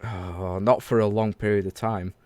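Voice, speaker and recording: A man's voice: on the low side, steady tone, normal speed, crowd noise. A man in his thirties hosting a casual livestreamed podcast, talking in a rambling, chatty way full of self-corrections. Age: 30s. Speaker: podcast host.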